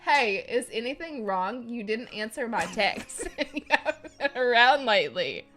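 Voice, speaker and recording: A woman's voice: on the high side, lively intonation, unhurried, pushed and bright, soft background music. A woman reading the lines of a teenage boy, a schoolgirl's crush, in her own plain voice. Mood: casual.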